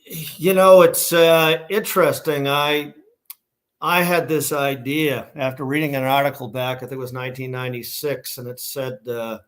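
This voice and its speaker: A man's voice: mid-range voice, fairly even intonation, normal speed, fairly bright tone. A middle-aged man with a Boston accent, a guest in a casual interview, telling stories in a rambling way with many restarts and fillers. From Massachusetts, USA. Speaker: guest, shoe company founder.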